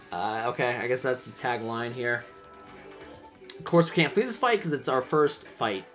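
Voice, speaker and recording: A man's voice: mid-range voice, animated, moderate pace, a bit bright, faint music behind. A man hosting a let's play, chatty and enthusiastic. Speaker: gaming channel host.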